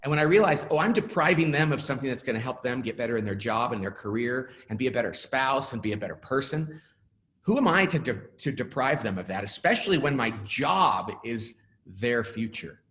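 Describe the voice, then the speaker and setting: A man's voice: mid-range voice, a little fast. A middle-aged man, an author, talking in a webinar interview and acting out the dialogue he quotes as he tells stories. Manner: animated storyteller who acts out quoted dialogue. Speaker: author and guest speaker.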